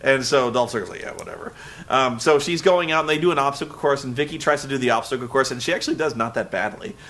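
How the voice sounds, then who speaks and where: A young man hosting a casual recap, rambling and animated, breaking into loud shouted impressions. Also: mid-range voice, quick pace. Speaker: web show host. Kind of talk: casual wrestling recap rant.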